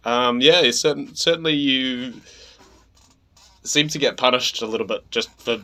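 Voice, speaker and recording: Brief: man, podcast co-host, bright tone, halting and rambling. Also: medium pitch. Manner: halting, rambling storytelling with many restarts. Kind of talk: casual chat.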